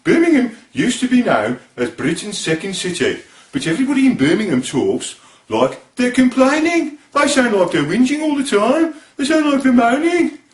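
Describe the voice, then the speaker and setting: Scottish man with a Scottish accent, comic presenter, animated swoops, echoey far-off recording. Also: very high voice, normal speed. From Scotland. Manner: jokey presenter, breaking into voices. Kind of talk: comic talk about accents. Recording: echoey room, mic at a distance.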